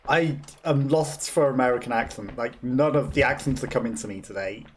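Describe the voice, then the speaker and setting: A man's voice: medium pitch, normal speed. A young man with a Black Country accent, chatting and laughing at himself while streaming a game. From West Midlands, England. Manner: chatty, self-mocking, laughs often. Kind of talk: casual gameplay commentary.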